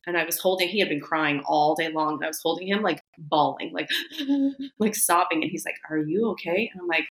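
A woman speaking as a podcast guest in casual conversation, candidly sharing stories and acting out her own past thoughts in a higher voice. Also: brisk, a bit bright. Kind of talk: casual chat.

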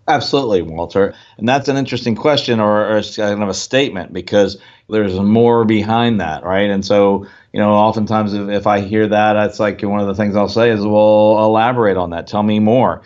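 Man, financial consultant, measured explaining, very flat delivery, dull lo-fi sound. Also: fairly low pitch. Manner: measured, explanatory, many fillers. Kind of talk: casual podcast chat.

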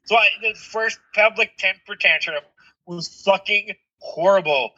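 Brief: thirties dad, husky high voice, swears freely, lo-fi sound. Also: male voice, a little slow. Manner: animated storytelling, swears freely. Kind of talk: casual chat. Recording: dull lo-fi recording.

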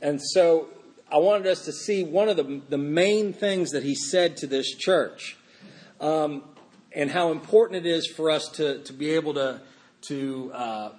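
Halting middle-aged man giving a sermon. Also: fairly high pitch, darkish tone. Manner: informal, halting, frequent fillers and restarts. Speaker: pastor.

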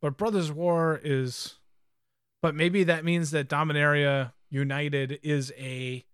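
A man co-hosting a podcast, chatting casually and thinking aloud with many pauses and ums. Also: fairly high pitch, fairly even intonation, clean tone, no room sound, clean studio sound. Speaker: podcast co-host. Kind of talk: casual chat about card games.

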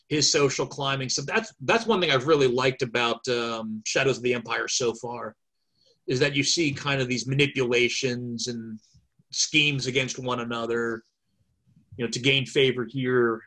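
A man's voice: mid-range voice, fairly even intonation, measured pace, bright, forceful tone. Chatty man on a podcast call. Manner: chatty, many fillers, thinks aloud. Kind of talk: casual chat. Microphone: video call.

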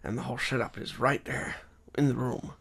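Noir voiceover: a man playing a brooding hard-boiled insurance man, gravelly and through the teeth, half whispered in spots. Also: medium pitch, steady tone, brisk, a bit bright. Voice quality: gravelly, spoken through the teeth, mock-theatrical. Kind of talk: film noir voiceover impression.

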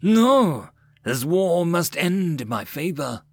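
A man's voice: sits high, big pitch swings, measured pace, dry recording, voice pushed up, heavily acted. A man voicing an arrogant male imperial lord who roars his commands. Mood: furious. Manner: roaring, haughty and angry.

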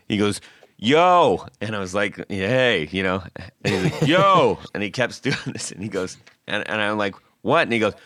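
A man hosting a podcast, chatting casually and telling stories in a jokey, animated way. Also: on the low side, normal speed, no echo. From California. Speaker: podcast host. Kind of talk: casual chat.

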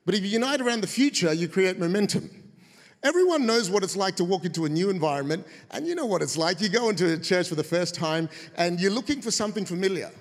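Animated man preaching in a reverberant hall. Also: fast talker. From of Indian heritage. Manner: animated, acts out quoted voices in a high shout. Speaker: guest preacher. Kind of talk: humorous sermon with storytelling. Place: church auditorium.

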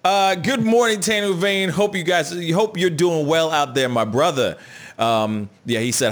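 A man's voice: fairly high pitch, a little slow. A man hosting a casual live news show, joking around and greeting viewers by name as he reads the chat. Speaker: show host.

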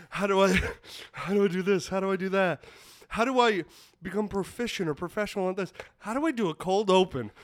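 A man's voice: sits high, moderate pace. A man co-hosting a comedy podcast, laughing and sighing as he steers the talk back on track. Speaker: podcast co-host.

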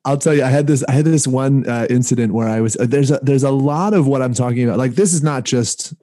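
Man from Israel, casual storyteller, mellow tone, rambles with restarts; conversational podcast read. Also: mid-range voice, fast. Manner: rambling, many restarts and fillers.

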